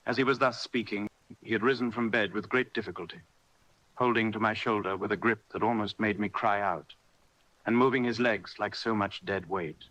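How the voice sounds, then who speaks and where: A man narrating a classic adventure novel in a steady, measured storytelling manner. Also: on the low side, poor audio. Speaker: audiobook reader. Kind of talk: scripted narration.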